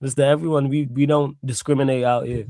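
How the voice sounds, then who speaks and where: A young man with a Manchester accent hosting a casual chat, slangy, teasing and quick to swear. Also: mid-range voice, flat delivery, mellow, dry recording. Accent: Mancunian. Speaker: host.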